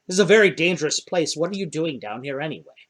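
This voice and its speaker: A man's voice: fairly high pitch, expressive, fast. A man voicing a suspicious male gnome captain who guards a dangerous underground area, needling the heroes with pointed questions.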